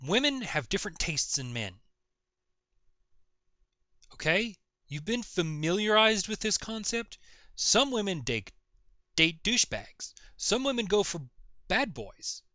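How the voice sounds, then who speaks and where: A man's voice: high-pitched, very animated, unhurried, long pauses, bright, forceful tone, no echo. A man ranting sarcastically in a reaction video, mocking and exasperated, swearing often. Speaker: video commentator. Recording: dull lo-fi recording.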